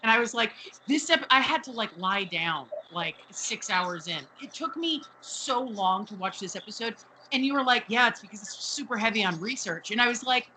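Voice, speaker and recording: A woman co-hosting a podcast in casual chat, sarcastic and animated, swearing freely. Her voice is bright and forceful, pitched a little high. A faint hiss sits under the recording. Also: normal speed, low-quality recording. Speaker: podcast co-host.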